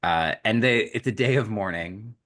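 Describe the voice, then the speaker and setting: A man co-hosting a podcast, recapping a film in casual chat and acting out characters in quick asides. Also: on the low side, fairly bright tone. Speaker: podcast co-host.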